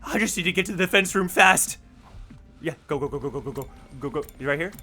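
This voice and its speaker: A streamer giving let's play commentary with jumpy, excitable reactions while reading a story game aloud. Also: mid-range voice, quick pace, soft background music.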